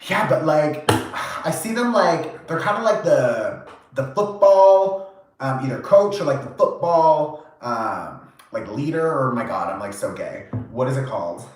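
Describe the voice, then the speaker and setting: A man giving a casual tarot reading, chatty and animated, with lots of fillers and swearing. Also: mid-range voice, unhurried, very echoey. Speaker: tarot reader.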